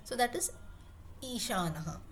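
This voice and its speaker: A woman leads a lesson, going over each word patiently and restating it in different ways. Her voice sits a little high, and a faint hiss runs under the recording. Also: expressive. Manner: patient, repeats terms and pauses to rephrase. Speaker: Sanskrit teacher. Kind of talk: explaining word meanings in a class.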